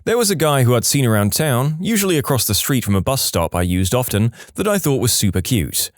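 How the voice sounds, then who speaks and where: A man's voice: mid-range voice, big pitch swings, brisk, dry recording. Male story narrator, swooping delivery, dead-dry booth. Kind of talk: reading reddit stories aloud.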